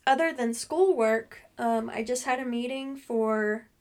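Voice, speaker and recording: A woman's voice: on the high side, a little slow. A young woman co-hosting a podcast, chatting casually and rambling with fillers. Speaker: podcast co-host. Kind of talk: casual chat.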